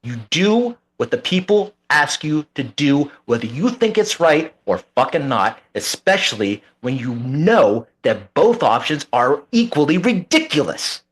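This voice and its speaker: A man's voice: a little high, sing-song, a little slow, few pauses. A man co-hosting a casual political talk show, ranting angrily and swearing freely. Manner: angry, profane ranting. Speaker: podcast co-host.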